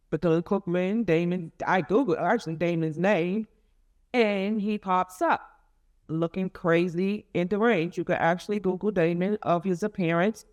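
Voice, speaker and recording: A middle-aged woman in an interview, recounting a painful family story in a halting, emotional way with many restarts. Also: lowish voice, a little mellow. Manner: emotional, rising and falling with feeling. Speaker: interviewee, mother of a convicted son. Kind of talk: emotional personal account in an interview.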